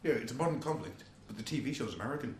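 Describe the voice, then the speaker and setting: A man's voice: mid-range voice, lively intonation, very fast, darkish tone. A man co-hosting a podcast. He chats casually, swears and jokes a lot. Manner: sweary, joking, bursts into silly voices. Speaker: podcast co-host. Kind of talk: casual banter. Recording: echoey room, faint background noise.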